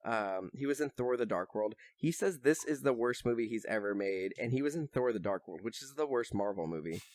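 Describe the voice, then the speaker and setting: A man's voice: mid-range voice, lively intonation, a little fast, darkish tone, dry recording. A young man chatting on a podcast, rambling with lots of fillers and now and then swearing as he gets worked up. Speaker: podcast host. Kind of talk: casual chat.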